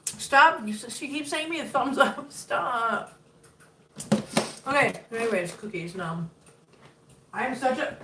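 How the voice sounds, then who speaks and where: A fifty-year-old woman hosting a casual livestream, chatting with viewers and cooing at her cats. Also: mid-range voice. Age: 50s. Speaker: livestream host. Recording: roomy, picked up from a distance, faint noise.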